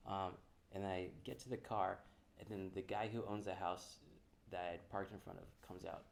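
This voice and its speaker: A man's voice: sits low, fairly even intonation, moderate pace, vocal fry. A man co-hosting a comedy podcast, telling a rambling story in casual chat with many fillers. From California.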